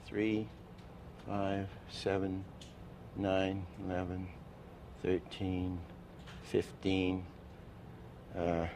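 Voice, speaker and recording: A man's voice: low-pitched, a little hiss or hum. A man giving an animation masterclass lecture, explaining with false starts and counting frames aloud. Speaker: animation teacher.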